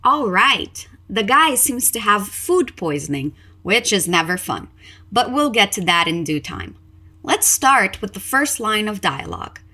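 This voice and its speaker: Brief: woman host teaching English, bright and sharp voice, encouraging and explanatory. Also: medium pitch, big pitch swings, a little slow. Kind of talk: podcast language lesson.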